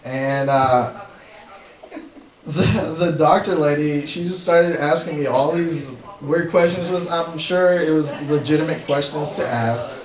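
A man tells a funny personal story in a loose, hesitant way, chuckling and filling gaps with "uh" and "like." His voice sits a bit high. He sounds some distance from the mic in a reverberant room, with a crowd murmuring around him. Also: measured pace. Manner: rambling, chuckling, hesitant with many fillers. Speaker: vlogger telling a story. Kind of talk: casual comic storytelling.

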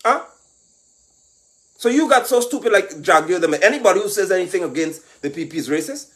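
A man delivers a scolding political monologue in a high, very lively voice. He mocks and lectures, pushing up into shouts. Faint insect noise sits behind him. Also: brisk. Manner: mocking, lecturing, rising to shouts. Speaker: political commentator.

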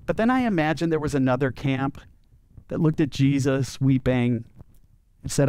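A man's voice: mid-range voice, normal speed, a little mellow. A man preaching a sermon as pastor, telling a story earnestly and often repeating words as he goes. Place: church.

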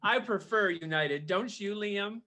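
A woman's voice: medium pitch, unhurried, pushed and bright. A woman co-hosting a live-streamed gala, teasing her co-host in playful banter and announcing auction prizes.

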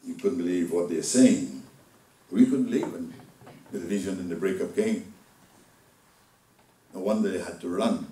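A man delivering a sermon as a deacon, swinging between loud outbursts and hushed asides. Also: low voice, normal speed, pauses often, roomy sound, far from the mic, a little hiss or hum, low-quality recording. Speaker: deacon preaching. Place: church hall.

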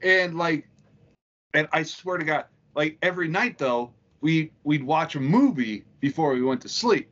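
A man co-hosting a crude comedy podcast, telling profane stories with excitement. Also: on the high side, measured pace. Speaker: podcast co-host. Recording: dull, slightly lo-fi sound.

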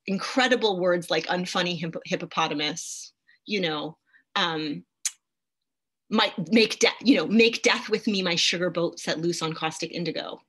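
A woman's voice: mid-range voice, fairly bright tone. A middle-aged woman teaching a poetry masterclass, enthusiastic and reading poems aloud with expression. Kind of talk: masterclass lecture with poem readings.

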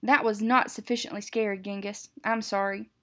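A woman voicing a formal, strict male monster teacher who lays out rules in a measured, instructive way. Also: mid-range voice, flat delivery, close to an everyday voice.

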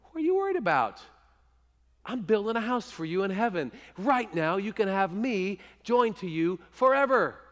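A man's voice: high voice, very animated, normal speed, fairly bright tone. A man preaching voices Christ as a tender, pleading bridegroom, in a church with long reverb. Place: church sanctuary.

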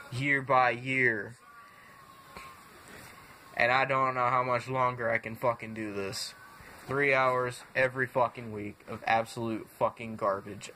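A man's voice: medium pitch, bright, forceful tone, a little hiss or hum. A young man ranting angrily and swearing constantly as a fed-up wrestling fan. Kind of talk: angry profane rant.

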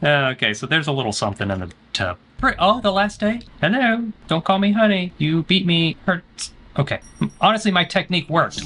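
A man's voice: fairly high pitch, lively intonation, normal speed, pushed and bright, soft background music. A man doing let's play commentary on a horror game, joking with his chat and letting out sudden panicked yelps. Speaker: gaming streamer.

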